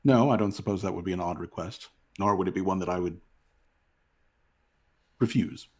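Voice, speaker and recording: Man doing a stately official, low voice, slow, formal, halting with ums. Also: a little mellow, breathy edge. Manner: slow, formal, hesitant with fillers. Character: formal male city official, measured and courteous.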